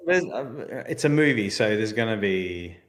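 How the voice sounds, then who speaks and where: A man with a fairly low voice co-hosts a relaxed film chat. He talks loosely and often quotes what he was thinking at the time. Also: a little slow. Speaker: podcast co-host. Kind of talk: casual movie discussion.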